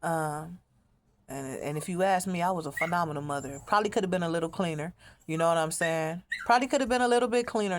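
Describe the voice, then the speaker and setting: A woman speaking in a rambling, profane monologue as a mother telling her own story, often repeating herself. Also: deep voice. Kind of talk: emotional monologue to camera.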